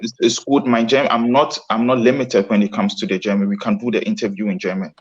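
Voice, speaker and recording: A man's voice: fairly low pitch, level tone, fast. Earnest guy in an interview, keeps restarting, bit muffled audio. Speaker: guest. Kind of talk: casual interview.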